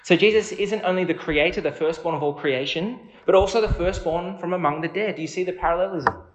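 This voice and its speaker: A man's voice: sits high, fairly quick, echoey room, muffled recording. A man preaching a sermon in an earnest, conversational way, asking his listeners questions.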